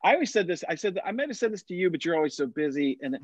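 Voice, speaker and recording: A man's voice: high voice, big pitch swings, rapid-fire, no room sound. A middle-aged man telling a long story in casual chat, with many restarts and fillers. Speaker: podcast guest. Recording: dull, lo-fi sound.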